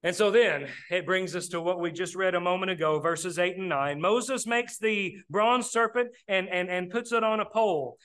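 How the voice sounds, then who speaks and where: A man's voice: high-pitched, moderate pace, few pauses, fairly bright tone, clean tone. A man preaching a sermon, plainspoken, often calling his listeners "brethren". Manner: plainspoken, addresses the congregation as brethren.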